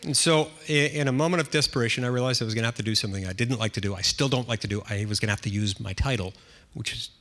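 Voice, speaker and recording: A man's voice: mid-range voice, racing, fairly bright tone. A middle-aged American man, a senator, telling a self-deprecating anecdote in a speech, with dry humor and frequent restarts. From United States.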